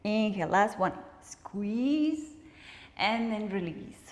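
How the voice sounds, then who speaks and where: A woman instructor calmly cueing a guided movement and breathing practice, counting reps and offering soft encouragement. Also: mid-range voice, slow. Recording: echoey room with long reverb.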